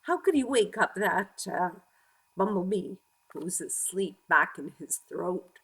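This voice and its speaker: A woman reading a picture book aloud to young children, gently asking them questions as she goes. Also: fairly low pitch, expressive, a little slow, slightly rough.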